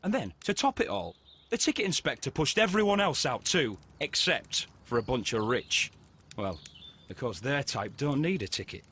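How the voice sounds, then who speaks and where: An indignant grumbling passenger. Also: male voice, medium pitch, sing-song, moderate pace, sharp tone, slight background noise. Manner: aggrieved and complaining. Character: indignant adult male train passenger. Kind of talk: video game voice acting.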